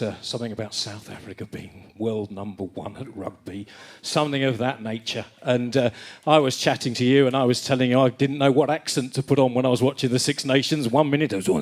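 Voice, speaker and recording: A man's voice: mid-range voice, fairly even intonation, brisk, few pauses. A man hosting a live-streamed church music evening, talking in a loose, jokey way with plenty of fillers. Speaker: band member and host of the live stream. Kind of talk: casual live-stream chat.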